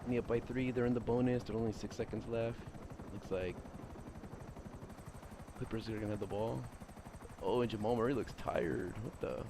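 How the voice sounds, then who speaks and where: A young man streaming and chatting casually, loud and opinionated, rambling with lots of fillers. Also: on the low side, fairly even intonation, moderate pace, pauses often, background noise. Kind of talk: casual chat while gaming.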